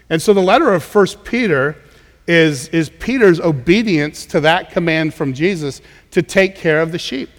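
A man's voice: fairly high pitch, expressive, normal speed. A man preaching a sermon as pastor, in a conversational way, often repeating words and restarting as he goes. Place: church sanctuary. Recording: long reverb of a large hall.

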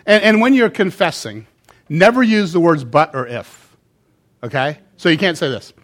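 Conversational male pastor preaching, slightly high voice. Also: expressive, moderate pace, fairly bright tone. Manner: conversational preaching with frequent "okay?" and acted-out quotes. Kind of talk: sermon.

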